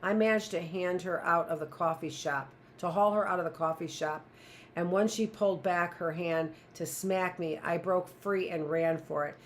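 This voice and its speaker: A woman's voice: fairly low pitch, steady tone, normal speed, slight background noise. A woman teacher reading a novel aloud in a plain, first-person storytelling voice.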